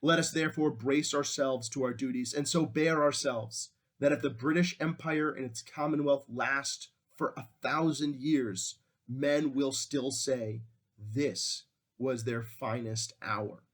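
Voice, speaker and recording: A defiant wartime leader giving a big rousing speech, as a man reads it out in class. he talks in solemn, measured tones, in a mid-range voice. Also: medium pitch, steady tone, natural voice. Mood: resolute.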